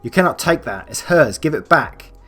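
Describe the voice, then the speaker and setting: A man's voice: medium pitch, sing-song, fairly quick, soft background music, pitched above the performer's own voice. A man voicing a worn-out young mother who pleads firmly in a read-aloud story. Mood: pleading.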